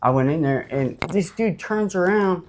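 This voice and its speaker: A man from Utah, a podcast guest telling his life story in a blunt, profane, animated way, full of fillers. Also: on the high side, normal speed. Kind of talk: casual storytelling.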